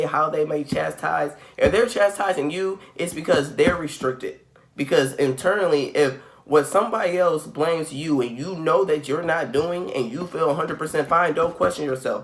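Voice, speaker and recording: A man in his thirties hosting a spiritual channel, talking casually to camera at home and saying "like" constantly. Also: a little high. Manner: rambling, says "like" constantly, acts out quoted voices. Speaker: spiritual reading channel host.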